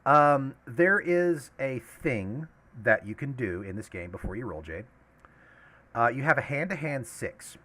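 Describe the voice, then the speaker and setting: Lively, bright-voiced male game master. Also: medium pitch, measured pace. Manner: lively, laughs often, explains rules. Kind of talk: running a tabletop game session.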